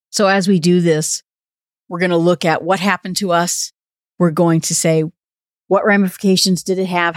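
A woman hosts her own podcast, walking through a self-help book in a steady, reassuring way. Her voice sits a little low. The recording is close and dry, with no room sound. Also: dry recording. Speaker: podcast host. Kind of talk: solo podcast book discussion.

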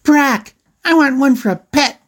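A man voicing an excited young boy who hollers across a river in a storybook reading. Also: very high voice, a little slow, pitched above the performer's own voice. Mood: excited shouting.

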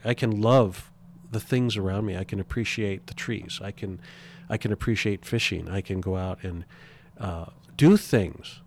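Earnest low-voiced man, halting restarts. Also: creaky, a little mellow. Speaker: guest. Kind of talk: reflective interview talk.

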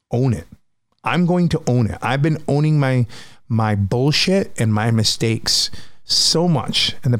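A man's voice: medium pitch, dry recording. A man hosting his own podcast, talking bluntly and candidly with plenty of swearing. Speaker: podcast host. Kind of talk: personal monologue.

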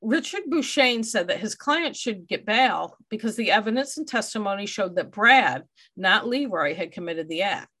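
A woman narrating a true crime case for a podcast in an even, mid-pitched voice. She reads court details plainly and drops wry asides of her own. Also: normal speed. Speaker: podcast host.

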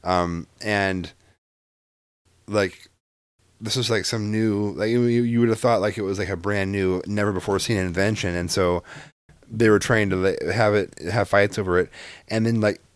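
Casual dad co-host, low-pitched, dry close sound, rambles and cusses. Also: male voice, steady tone, moderate pace, clear, resonant tone, dry recording. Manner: rambling storyteller, swears freely, restarts a lot. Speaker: father. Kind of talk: casual chat.

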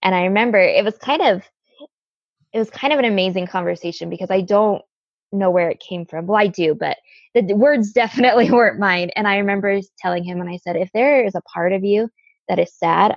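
A woman in her thirties, the guest, earnestly telling an emotional personal story with halting restarts. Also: medium pitch, vocal fry, no room sound. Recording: slightly dull lo-fi sound.

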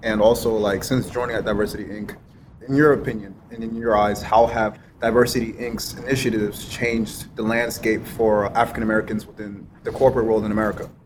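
Fast-talking man asking questions. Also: lowish voice, flat delivery. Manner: polite, rambling question. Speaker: interviewer. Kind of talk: casual interview question. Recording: background noise.

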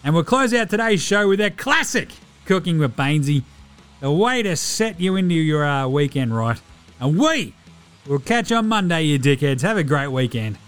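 Man, Australian accent, podcast host, casual sign-off, jokey slang, fairly high voice. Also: very animated, fairly bright tone, clear, resonant tone, faint music behind. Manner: jokey, slangy, rapid-fire. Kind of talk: casual podcast outro with plugs.

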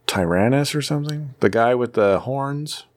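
A man's voice: medium pitch, animated, normal speed. A man co-hosting a podcast, casually recapping a comic book in a jokey, rambling storytelling way. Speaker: podcast co-host.

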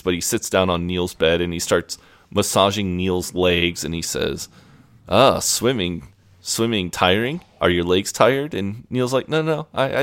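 A man co-hosting a podcast, casually retelling a TV episode scene by scene and quoting the characters. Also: low-pitched. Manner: retells scenes with quick quoted lines, laughing. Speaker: podcast co-host. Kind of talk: casual recap chat.

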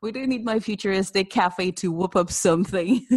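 A woman's voice: mid-range voice, moderate pace, darkish tone, no room sound. A woman hosting a podcast interview, chatty and talkative, filling her talk with "you know" and "right". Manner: chatty, talkative, lots of fillers. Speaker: podcast host. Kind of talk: casual conversational interview. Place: virtual cafe podcast.

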